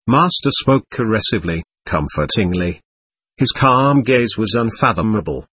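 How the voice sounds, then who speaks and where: Man, audiobook narrator, husky, dry sound, measured earnest reading. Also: medium pitch, big pitch swings, a bit bright, no echo. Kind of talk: scripted narration.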